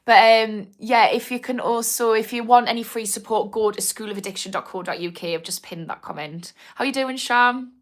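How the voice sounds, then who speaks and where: A woman's voice: on the high side, normal speed, hardly any pauses. A woman with a North East English accent, an addiction recovery coach chatting on a live stream, rambling with many restarts. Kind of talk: live stream chat answering comments.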